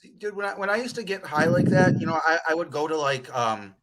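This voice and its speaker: A man's voice: on the high side, animated, fast talker, crowd noise, low-quality recording. A man hosting a podcast in loose, rambling casual chat, with a lot of swearing.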